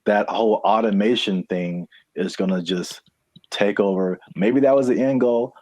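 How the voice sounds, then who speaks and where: A man co-hosting a casual podcast, laid-back and quick to laugh. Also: lowish voice, darkish tone, dry recording. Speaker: podcast co-host.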